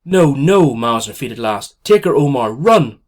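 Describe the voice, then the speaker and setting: A man's voice: medium pitch, brisk, pitched above the performer's own voice, lightly acted. A man reading an audiobook, voicing a frantic refugee mother who pleads in fear. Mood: panicked. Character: frantic refugee mother, middle-aged woman. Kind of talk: audiobook character voice.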